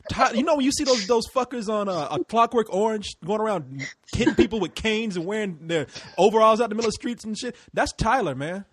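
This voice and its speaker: A man from Texas telling stories in a casual chat, animated, laughing often and swearing freely. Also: high-pitched, brisk, dry recording.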